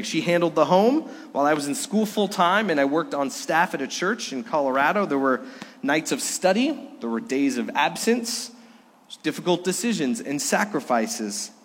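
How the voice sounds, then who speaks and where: A middle-aged man preaches from the pulpit with a fairly high voice, leaning hard on key words and then dropping to a hush. The long reverb of the church sanctuary trails behind him. He sounds earnest and heartfelt. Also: expressive, moderate pace. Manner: earnest preaching, swings between loud emphasis and soft hushed lines. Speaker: pastor. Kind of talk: sermon. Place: church sanctuary during a Sunday service.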